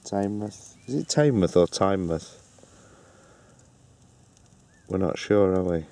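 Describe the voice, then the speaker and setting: Low gravelly man vlogging outdoors. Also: fairly quick, warm tone, no echo. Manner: chatty, playful, narrating cooking to camera. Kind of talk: casual camping vlog chat. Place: outdoors at a campsite.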